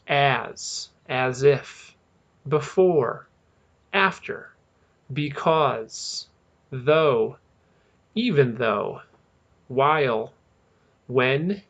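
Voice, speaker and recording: A male teacher narrating a grammar lesson, speaking slowly and deliberately and stressing key terms. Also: fairly high pitch.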